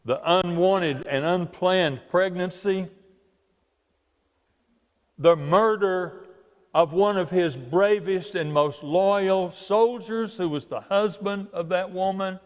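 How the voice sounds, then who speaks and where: A man preaching a sermon as a guest preacher, telling stories slowly and leaning on key words. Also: high voice. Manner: slow, deliberate storytelling with drawn-out emphasis. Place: church sanctuary. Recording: long church reverb.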